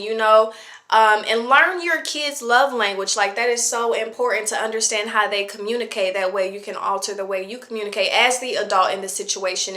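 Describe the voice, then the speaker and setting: A woman's voice: a little high, bright, forceful tone. A woman in her late twenties talking casually to camera about parenting, chatty and reflective, with lots of fillers. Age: 20s. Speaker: vlogger.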